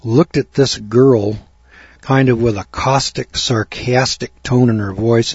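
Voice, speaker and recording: Folksy older man, husky and muffled. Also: mid-range voice, steady tone, a little slow, darkish tone, no echo. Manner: folksy storytelling with frequent fillers and throat clearing. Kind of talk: rambling spoken monologue.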